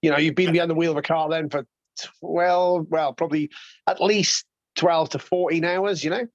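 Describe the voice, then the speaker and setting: A man chatting as a podcast guest, animated and enthusiastic, laughing often. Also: on the high side, normal speed, no room sound, lo-fi sound. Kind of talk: casual chat.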